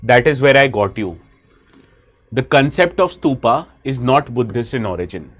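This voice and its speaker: An expressive, slightly rough mid-range male voice at normal speed belongs to an Indian English-accented tutor running a live online exam-prep lesson. He quizzes viewers, reads their names off the chat, and revises what he's saying mid-sentence.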